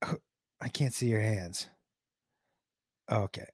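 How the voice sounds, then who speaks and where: A man telling a wild stand-up story to a crowd, swearing freely and swinging between loud bursts and near-whispers. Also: fairly low pitch, slow pace, breathy edge, no echo, clean studio sound. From Texas. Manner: animated, profane, swings loud and quiet.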